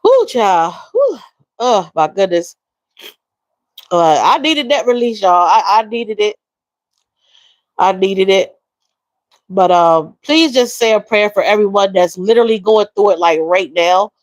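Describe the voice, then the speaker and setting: A woman hosting a livestream, talking emotionally and softly with viewers, reading their comments and calling them y'all. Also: mid-range voice, a little slow, pauses often, no echo, rough recording. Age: adult with a young daughter. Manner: emotional, soft-spoken, repeats phrases, addresses viewers as y'all and baby. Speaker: livestream host.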